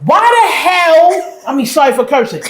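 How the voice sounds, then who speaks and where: A woman telling a story with animated energy, laughing and breaking into shouts. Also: extremely high pitch, moderate pace, echoey room, a crowd in the background. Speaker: podcast guest.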